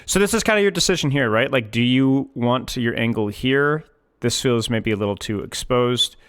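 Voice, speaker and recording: A man's voice: mid-range voice, moderate pace, a bit bright, clear, resonant tone. A man coaching a player through a gameplay replay, emphatic and often repeating his points several times. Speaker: game coach.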